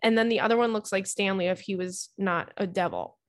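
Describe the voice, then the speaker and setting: A woman's voice: medium pitch, a little fast. A woman comedian hosts a casual chat show, rambling along in a loose, chatty way. She fills her talk with "like" and swears casually as she goes. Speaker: podcast host and comedian. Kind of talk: casual chat and reading listener letters.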